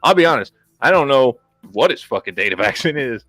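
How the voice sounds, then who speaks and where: A man's voice: medium pitch, sing-song, brisk, a bit bright, no room sound, soft background music. Blunt, profane man ranting. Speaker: podcast host. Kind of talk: casual podcast chat.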